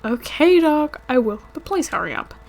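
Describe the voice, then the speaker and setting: A woman's voice: high-pitched, sing-song, normal speed, gravelly, full character voice. A woman reading the lines of a friendly young male hero in her own voice.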